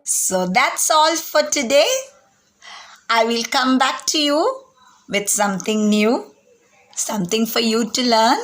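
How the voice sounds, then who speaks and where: A woman's voice: on the high side, expressive, takes it slowly, long pauses, a bit bright. A woman teaching young children, speaking in a sing-song way and imitating animal sounds.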